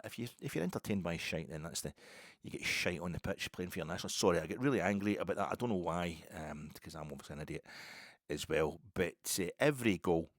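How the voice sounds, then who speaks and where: A Scottish man talking in a rambling, sweary casual monologue as a football podcaster, with loud bursts. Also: lowish voice, quick pace, dry recording, clean studio sound.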